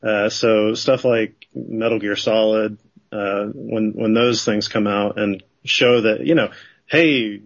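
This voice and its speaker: A man's voice: lowish voice, fairly even intonation, slow, no echo, dull audio. A man speaking as a podcast guest, hesitant and stammering but earnest. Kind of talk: casual chat.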